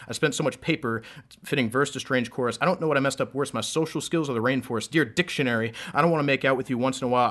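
Guy performing spoken word poetry, rhythmic, goes from loud bursts to quiet mutters. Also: mid-range voice. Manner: dramatic, rhythmic delivery with sudden loud swells and drops.

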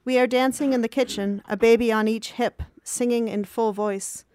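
Woman in her 30s, somewhat high and smooth voice, dry close sound; measured, reflective literary reading of her journal. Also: steady tone, darkish tone, no room sound. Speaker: reader of her own journal. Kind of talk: literary reading of diary entries.

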